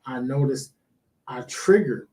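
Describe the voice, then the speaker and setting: A man's voice: mid-range voice, slow pace, dark tone, rough recording. A man telling a work story in casual chat, acting out the people he quotes. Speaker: guest.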